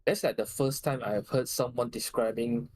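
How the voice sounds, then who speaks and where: A man's voice: mid-range voice, fairly even intonation, moderate pace, a little mellow. A man from Malaysia or Singapore, co-casting a live esports match, talks through plays in a hesitant, analytical way. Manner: hesitant, analytical, lots of "like" fillers. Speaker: guest co-caster.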